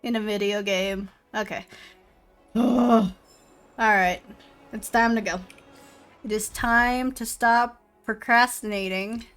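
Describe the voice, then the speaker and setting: A woman's voice: fairly high pitch, steady tone, slow, pauses often, fairly bright tone, smooth, soft background music. A young woman streamer giving casual gameplay commentary, swearing and playing up mock-dramatic self-pity.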